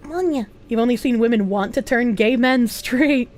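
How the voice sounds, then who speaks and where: A woman's voice: fairly high pitch, normal speed, a little mellow, faint music behind. A woman streamer chatting casually and bluntly as she reacts to posts, swearing freely and laughing often.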